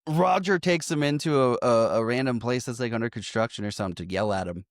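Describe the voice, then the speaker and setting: A man in a casual movie chat, swearing freely and laughing as he recaps scenes. His voice sits at an ordinary middle pitch and sounds close and dry, with no room around it. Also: fast talker, dry recording. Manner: profane, laughs often, acts out quotes. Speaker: podcast co-host.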